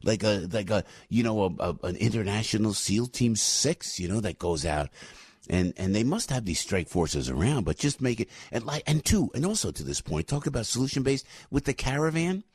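A man's voice: on the low side, big pitch swings, moderate pace, darkish tone, breathy edge, no room sound, clean studio sound. A man hosting a talk radio show, rambling and emphatic, getting fired up as he goes. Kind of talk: opinionated talk radio monologue. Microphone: studio radio mic.

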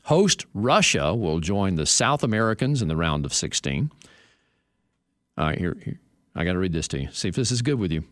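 A man's voice: deep voice, very animated, normal speed, a bit bright, no echo, clean studio sound. A man hosting a sports radio show, reading news items and chatting with asides.

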